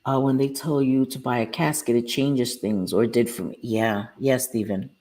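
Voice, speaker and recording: A woman's voice: a bass voice, steady tone, moderate pace, warm tone. Earnest woman hosting a live stream. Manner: earnest, heartfelt, reads out viewers' names. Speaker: live-stream host sharing her recovery story. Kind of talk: candid casual talk to viewers.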